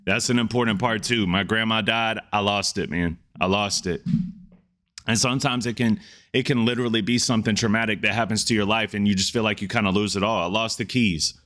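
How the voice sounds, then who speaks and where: A man's voice: lowish voice, steady tone, fairly quick, a bit bright. A man hosting a music reaction video, talking in an earnest, reflective way and often restarting his sentences. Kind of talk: casual reaction commentary.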